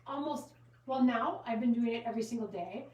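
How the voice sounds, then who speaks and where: A woman with a slightly high voice hosts a live sale from inside her gift shop. She chats casually, giggles and drifts off on side topics as she shows items. Her voice echoes around the room and sits a little far from the mic, over faint background noise. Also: brisk, mellow, dull audio. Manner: chatty, giggly, goes off on tangents. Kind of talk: casual live-stream product showcase. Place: inside a small gift shop with a trickling fountain.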